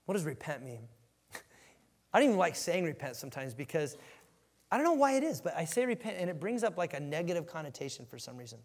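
A man with a fairly high voice delivers an animated sermon, stressing words and repeating himself to drive points home. His voice rings with the long reverb of a large hall. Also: fast. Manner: animated preaching with emphatic repeats. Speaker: pastor.

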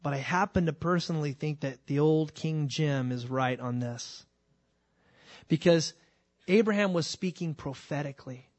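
A man preaching a sermon. He talks in an animated way and acts out the scripture scenes with quick shifts of voice. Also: medium pitch, no echo. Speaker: pastor.

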